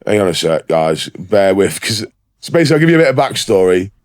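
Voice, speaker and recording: A man co-hosting a casual podcast chat, talking chattily with plenty of ums and quick laughs. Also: sits low, very animated, no room sound, studio quality. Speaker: podcast co-host, show organiser.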